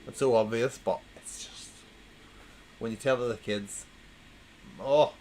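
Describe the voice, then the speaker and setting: There's a little hiss or hum under this mid-range, darkish male voice, which stays steady and measured. He's a drunk host reading dad jokes casually, echoing each punchline and laughing at his own material.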